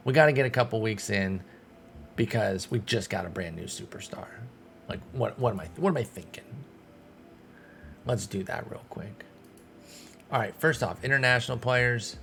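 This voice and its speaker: A young man giving casual gameplay commentary as a streamer, thinking aloud and breaking into sudden excited outbursts. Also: lowish voice, moderate pace, vocal fry, long pauses, a little hiss or hum. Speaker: streamer playing a baseball management game.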